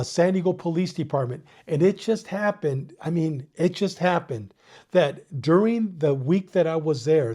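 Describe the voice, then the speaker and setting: A retired male police detective telling a story as an interview guest, animated and acting out both sides of his phone calls. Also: a little high. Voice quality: bald.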